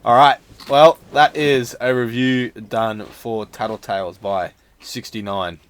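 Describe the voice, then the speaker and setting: A man hosting a podcast in casual chat, talkative and quick to laugh. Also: medium pitch, fairly even intonation, clear, resonant tone. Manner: chatty, laughs easily, many fillers. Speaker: podcast host.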